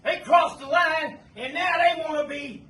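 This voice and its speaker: A man's voice: very high voice, measured pace, pushed and bright, slight background noise. A man, a pro wrestler cutting a cocky, taunting promo. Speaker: pro wrestler, tag team champion. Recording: roomy arena mic from a distance.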